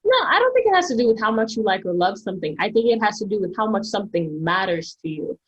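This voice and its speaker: A woman's voice: mid-range voice, big pitch swings, fast, a bit bright, husky, lo-fi sound. A woman on a podcast panel telling stories in a chatty way, full of "like" and "um". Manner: chatty, storytelling, frequent "like" and "um". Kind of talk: casual debate chat.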